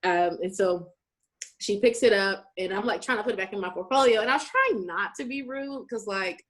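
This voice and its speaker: A woman's voice: mid-range voice, brisk. A woman in her twenties hosting a casual chat, telling stories with animation and acting out the people she quotes. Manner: animated storyteller who acts out quoted people. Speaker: host.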